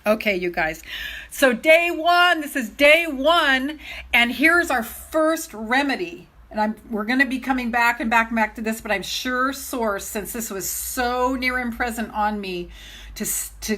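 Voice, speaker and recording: Unhurried and fairly high-pitched, a middle-aged woman who coaches self-love speaks directly to viewers on a casual live stream. She comes across as gushing and excitable, with frequent laughter.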